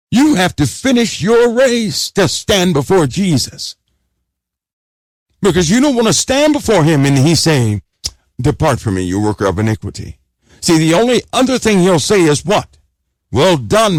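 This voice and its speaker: A man's voice: high voice, dry recording, studio quality. A man preaching an urgent sermon, exhorting listeners and repeating phrases for emphasis.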